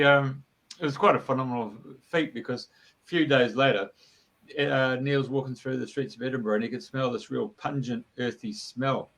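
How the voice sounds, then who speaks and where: Gravelly man telling rambling stories. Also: medium pitch, steady tone, moderate pace, fairly bright tone, rough recording. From Australia. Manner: rambling and chatty, with many fillers. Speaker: interview guest. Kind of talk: casual storytelling.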